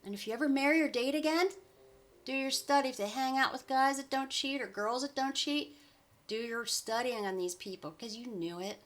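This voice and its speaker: A woman's voice: high voice, brisk. A woman in her forties, a life coach giving upbeat, encouraging advice in a chatty vlog with frequent laughs. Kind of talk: motivational vlog talk.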